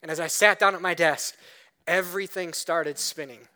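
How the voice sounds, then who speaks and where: A man's voice: on the high side, fairly even intonation, moderate pace, sharp tone. A man preaching a sermon as pastor in a church, talking conversationally and telling a personal story with acted-out quotes.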